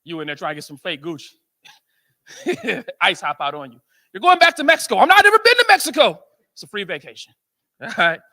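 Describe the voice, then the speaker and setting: An American man speaking at a men's conference, telling stories to a live audience in an animated, joking way and asking the crowd questions. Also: sits high, quick pace, long pauses. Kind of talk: storytelling talk to a live audience.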